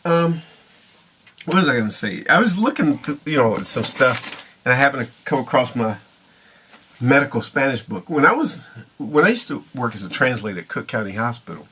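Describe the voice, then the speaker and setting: Chuckling as he rambles to camera, this middle-aged male vlogger slips between English and an occasional Spanish phrase. His voice is mid-range, expressive, brisk and bright with a forceful tone, and a little hiss or hum is audible.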